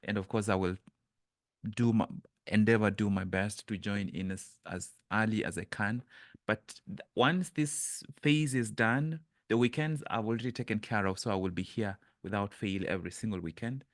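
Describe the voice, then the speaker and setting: A man coaching a live online group, his voice sitting fairly low. He talks earnestly and haltingly, often restarting and repeating words. The sound is dry and close, with no room echo. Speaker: mindset coach leading an online session. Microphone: webcam.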